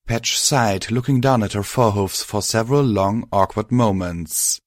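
A man reading a first-person story aloud in a steady, measured way. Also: on the low side, no echo, clean studio sound. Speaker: reader. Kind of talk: first-person fan fiction audiobook narration.

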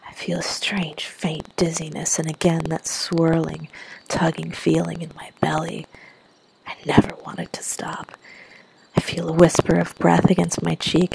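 A woman narrating an intimate first-person story in a soft voice that often slips into a whisper. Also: fairly low pitch, creaky, slight background noise, poor audio.

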